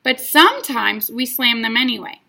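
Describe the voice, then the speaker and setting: A patient, weary mother from a children's storybook, voiced by a woman reading aloud. She talks calmly and gently, in a bright voice with a gravelly edge. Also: a little high, moderate pace, exaggerated voice. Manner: calm, patient.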